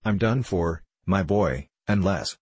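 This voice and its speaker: A man's voice: deep voice, expressive, slow pace, darkish tone, slightly rough, no room sound, full character voice. A man reading the part of a boisterous, suspicious middle-aged doctor who is ruined, talking in a blustering, confiding way.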